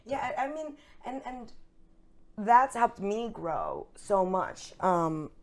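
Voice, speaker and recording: A woman's voice: medium pitch, sing-song, takes it slowly. A woman, an actress, speaking openly and earnestly about her feelings in a casual interview chat, with plenty of fillers. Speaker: actress, guest.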